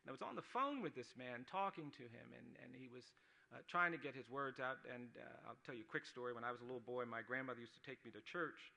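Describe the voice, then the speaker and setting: Addressing the audience at an awards dinner, a lawyer gives an earnest personal speech, using repeated phrases to build his points. He talks fast, with a medium-pitched, gravelly, sharp voice.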